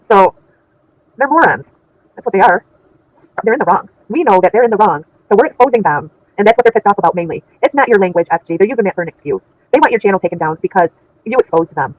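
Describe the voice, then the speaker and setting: On a relaxed livestream, a middle-aged woman responds to her chat, alternating between indignation and laughter. Her mid-range voice is a little mellow, captured in a dry recording with dull audio.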